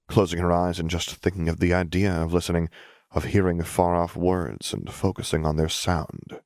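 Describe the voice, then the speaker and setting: A man reads a serialized story aloud in a steady, even manner. His voice sits very low, with a gravelly fry. The recording is dry and close to the mic. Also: no echo. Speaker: audiobook reader. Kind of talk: audiobook narration.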